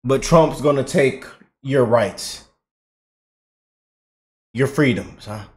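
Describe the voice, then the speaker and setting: A man's voice: medium pitch, takes it slowly. A man hosting a casual commentary vlog, slangy and mocking, with lots of asides to his viewers. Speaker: political commentary YouTuber.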